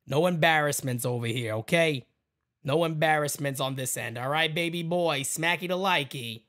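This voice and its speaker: A man hosting a fan livestream, calling a baseball game pitch by pitch in a casual, excitable way and chatting with viewers between plays. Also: normal speed. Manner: excitable, jumps to loud calls on big plays. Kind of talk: casual play-by-play with chat shout-outs.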